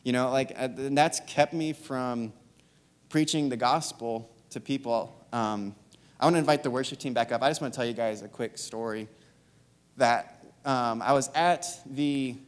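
A man's voice: mid-range voice, normal speed, smooth. A young man giving a sermon, talking earnestly and casually, with fillers, as he tells a story. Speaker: youth speaker. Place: church hall. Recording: long hall reverb, music behind. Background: soft guitar.

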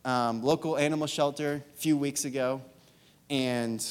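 A man's voice: medium pitch, fairly even intonation, measured pace, clear, resonant tone. A young man giving a sermon, talking earnestly and casually, with fillers, as he tells a story. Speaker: youth speaker. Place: church hall. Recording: long hall reverb, music behind. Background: soft guitar.

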